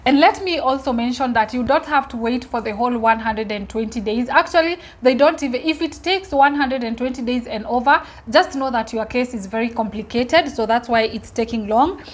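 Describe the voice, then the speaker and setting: A woman's voice: on the high side, a little fast, few pauses. A young woman from Kenya telling viewers a personal story in a casual, emotional way, often repeating herself and speaking to them directly. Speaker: vlogger.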